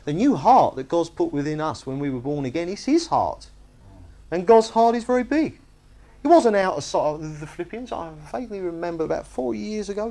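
A man's voice: sits high, fairly quick. A man preaching a sermon, emphatic and conversational, often asking his listeners whether they see his point. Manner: animated, emphatic, asks the congregation "you see?".

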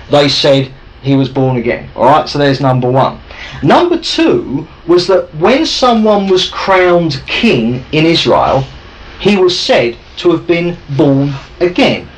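A man teaching from the Bible in a lively, conversational way, often checking in with his listeners. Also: fairly high pitch, rough recording. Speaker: preacher.

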